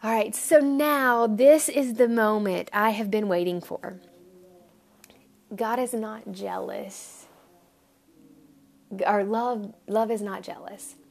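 A woman's voice: medium pitch, slow, gravelly, long pauses, darkish tone. A woman giving an informal devotional talk to listeners, earnest and rambling, with frequent restarts, at times dropping to a near whisper. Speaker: devotional podcast speaker.

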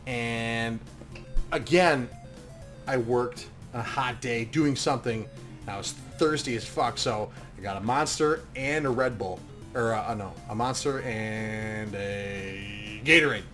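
A man in a relaxed, profanity-laced conversation, telling stories with lively energy and loud bursts when he acts out his past self. His voice sits in a middle range, and faint music plays under the talk. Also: medium pitch, slow. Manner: animated, swearing, acts out his own past talk loudly. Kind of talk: casual storytelling chat.

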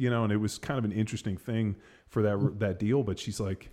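Rambling low-voiced man, casual chat. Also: fairly even intonation, brisk, warm tone. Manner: rambling, many fillers, blunt swearing.

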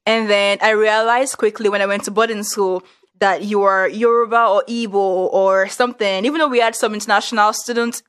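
A woman's voice: medium pitch, brisk, clean tone. A young adult woman with a Nigerian accent, chatting casually and acting out dialogue as she tells stories. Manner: lively storyteller acting out dialogue. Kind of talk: casual chat.

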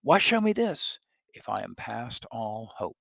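A man's voice: mid-range voice, normal speed, vocal fry, no echo, lightly acted. A man voicing a frightened old miser who pleads and cries out in a strained, rising voice. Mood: desperate pleading.

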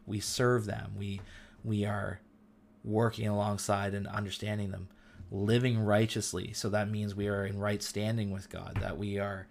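A man's voice: lowish voice, creaky, slight background noise. Earnest man giving a faith talk. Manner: earnest and emotional, casual slang. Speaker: host.

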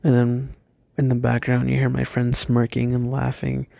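A young man telling a personal story from his school days, hesitant and halting, often stopping and restarting. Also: medium pitch, completely flat delivery, vocal fry, mellow, no room sound, studio quality.

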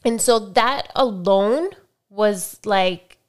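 A woman in her thirties co-hosting a casual faith-based podcast, earnest and reflective, sometimes soft-spoken. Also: mid-range voice, drawn-out words. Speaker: podcast co-host.

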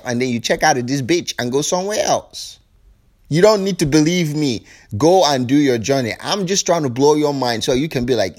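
A man giving a fervent spiritual monologue, preachy and profane, often acting out other people's voices. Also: mid-range voice. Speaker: spiritual speaker.

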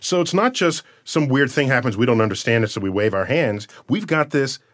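Man, science guest, lively explainer with big theatrical emphasis. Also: mid-range voice, fairly quick. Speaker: astrophysicist guest. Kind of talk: casual conversation.

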